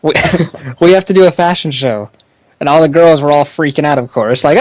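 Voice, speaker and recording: A man's voice: a little high, a little fast, darkish tone, dry recording. A young man co-hosting a casual podcast, laughing often and stumbling through the news he reads. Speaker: podcast co-host.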